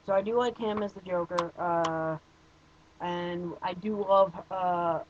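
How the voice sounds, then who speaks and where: A man's voice: sits high, fairly even intonation, takes it slowly, a little hiss or hum. Rambling young man with a muffled, lo-fi sound. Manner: hesitant and rambling, many fillers and restarts, blunt opinions. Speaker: movie reviewer. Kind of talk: casual spoken review.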